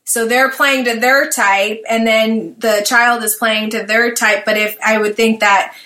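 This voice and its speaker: A woman's voice: a little high, fairly even intonation, measured pace, pushed and bright. A woman hosting a podcast, chatting casually and thinking aloud with lots of filler words. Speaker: podcast host. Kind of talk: podcast conversation.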